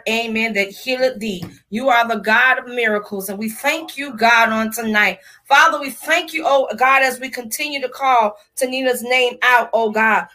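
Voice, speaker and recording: Woman prayer leader, high bright voice, fervent rhythmic praying. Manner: fervent, rhythmic, repeating "oh God".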